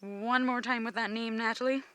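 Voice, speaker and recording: Bright-voiced woman safari guide. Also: on the high side, steady tone, normal speed, clean tone, no echo. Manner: enthusiastic, explaining nature facts to viewers. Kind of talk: live game drive commentary. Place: outdoors in a game reserve.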